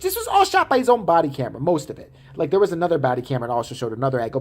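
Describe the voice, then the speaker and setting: A woman's voice: on the low side, big pitch swings, very fast, hardly any pauses. A woman vlogger giving profane, sarcastic commentary with frequent swearing. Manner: sarcastic, swearing, laughing asides.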